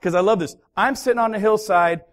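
A man, a pastor, preaching a sermon with dramatic storytelling that swings from loud to hushed. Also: sits high, fairly quick.

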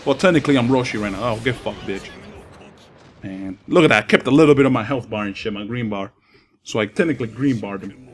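A young man giving casual gameplay commentary, swearing and trash-talking as he plays. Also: medium pitch. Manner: profane, trash-talking, excitable. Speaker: gaming commentator.

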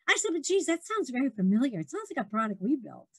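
Lively middle-aged woman telling stories. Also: high-pitched, fast talker, no room sound. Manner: animated, laughs often, acts out quoted people. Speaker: guest entrepreneur. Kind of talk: casual conversational storytelling.

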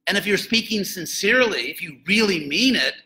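An older man giving an informal, conversational lecture to students as a spiritual teacher, with joking asides and animated emphasis. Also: sits high, a little fast, a little hiss or hum, rough recording.

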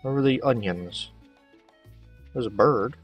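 A man's voice: medium pitch, takes it slowly, husky, distant mic, faint music behind. A man giving casual gameplay commentary, chatting to the characters as he plays. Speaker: let's play host.

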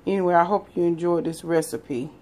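A woman's voice: fairly low pitch, steady tone, fairly quick, warm tone. A woman, chatting casually with viewers in a folksy cooking and eating vlog from her home kitchen. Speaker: cooking vlogger.

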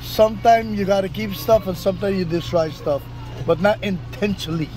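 Driving through rural bush, a man chats enthusiastically to his vlog viewers in casual narration. His high voice stays fairly even and brisk, with faint music behind and loud engine and wind noise in the outdoor recording.

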